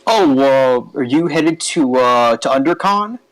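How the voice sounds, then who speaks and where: A man's voice: medium pitch, lively intonation, measured pace, dry recording, close to an everyday voice, poor audio. A man voicing a fussy, squeamish female gelatinous cube who works as a janitor, chatty and rambling.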